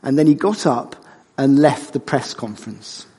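A man preaching a sermon, conversational and animated, joking with the congregation. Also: mid-range voice, moderate pace, slightly rough. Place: church hall. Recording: church hall with long reverb.

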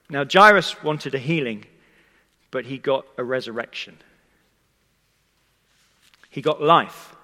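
A man preaches with a bright, forceful voice, telling the story in a conversational way and turning often to speak to his listeners. His words ring out with a long echo from a church hall. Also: on the high side. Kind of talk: sermon.

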